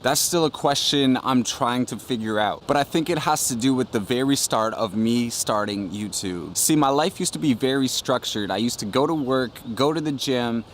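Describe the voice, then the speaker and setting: A man's voice: medium pitch, normal speed, few pauses, slight background noise. A man telling his story to his viewers in an earnest, confessional vlog monologue. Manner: earnest, addresses viewers as guys. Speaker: vlogger.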